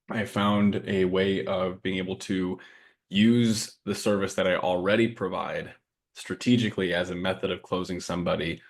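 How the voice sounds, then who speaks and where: A man co-hosting a casual podcast, talking earnestly and reading a list of sayings aloud in a steady way. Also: deep voice. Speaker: podcast co-host and coaching business owner.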